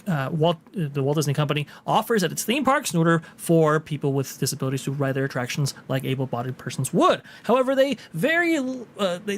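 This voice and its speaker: A man co-hosting a live online show, eagerly promoting his upcoming episodes and explaining the topics. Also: a little high. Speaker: co-host and podcast host. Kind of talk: casual livestream panel chat.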